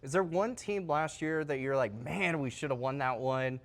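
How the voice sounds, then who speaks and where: A man's voice: medium pitch, moderate pace. A man hosting a casual sports interview, chatty and joking, with many fillers and restarts. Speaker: host.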